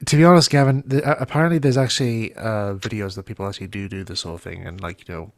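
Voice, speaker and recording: A man's voice: on the low side, fairly even intonation, fast talker, no room sound, clean studio sound. A man hosting a casual live stream chat, rambling with many restarts and fillers. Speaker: host.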